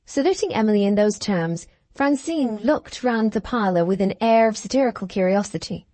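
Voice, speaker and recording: A woman narrating a classic novel, reading slowly and deliberately. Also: medium pitch, animated, warm tone, dry recording. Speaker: audiobook narrator. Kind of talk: scripted narration.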